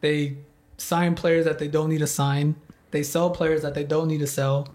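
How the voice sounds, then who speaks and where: A young man with a slightly raised pitch tells a story in loose, casual chat. He rambles and leans on "like" filler after filler, and he swears freely as he vents. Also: flat delivery, normal speed, darkish tone. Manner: rambling, heavy use of "like", swears a lot.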